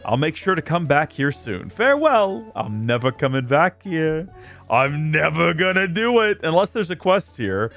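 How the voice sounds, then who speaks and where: A man's voice: on the high side, sing-song, moderate pace, fairly bright tone, faint music behind. A man hosting a let's play video, commenting on a game in an exasperated, joking, rambling way.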